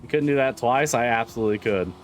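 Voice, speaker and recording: A man's voice: medium pitch, quick pace, a little hiss or hum. A man streaming a driving game live, chatting casually, swearing and repeating himself as he gets frustrated.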